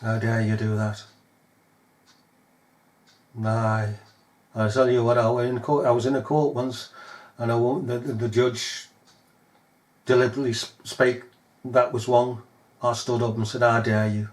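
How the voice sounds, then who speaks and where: A man's voice: medium pitch, level tone, normal speed, pauses often. A man preaching a fiery sermon, scolding his listeners with pointed rhetorical questions.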